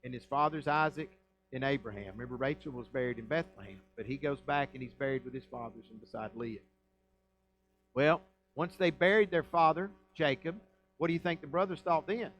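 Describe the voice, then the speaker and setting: A man's voice: medium pitch, brisk, a bit bright, rough recording. A middle-aged man, a pastor teaching a Bible study sermon and asking the congregation questions as he retells the story.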